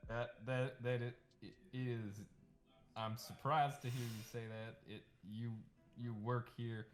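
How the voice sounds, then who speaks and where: A man's voice: mid-range voice, flat delivery, slow. A man playing a tabletop game, with dry humor and frequent stammered restarts. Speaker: player. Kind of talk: casual tabletop game play.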